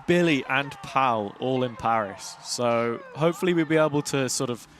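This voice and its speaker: A man's voice: medium pitch, normal speed, a bit bright. A man with a British accent hosting an esports watch party stream, chatting casually and reacting aloud to his viewers. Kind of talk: casual live-stream chat.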